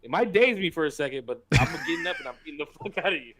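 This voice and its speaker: Animated man telling stories with swearing. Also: high-pitched, rapid-fire. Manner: emphatic, swears freely, animated storytelling. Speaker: podcast co-host. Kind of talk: casual chat.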